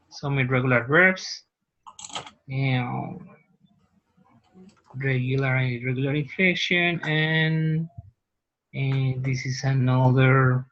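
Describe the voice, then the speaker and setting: A man's voice: medium pitch, pushed and bright, highs cut off, a little hiss or hum. A man, a teacher giving a university lecture, explaining patiently and often checking that students follow. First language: Spanish.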